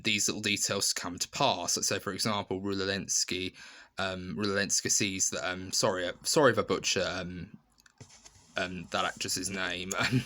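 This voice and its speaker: Man, casual review, rambling, fillers and self-corrections, lowish pitch, sharp bright tone. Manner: rambling, many ums and restarts, laughing asides. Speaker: film reviewer.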